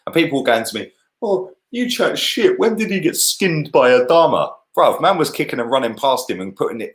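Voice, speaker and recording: A young man, chatting animatedly about football with lots of slang and swearing. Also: fairly low pitch. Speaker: football podcast co-host. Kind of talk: casual football chat.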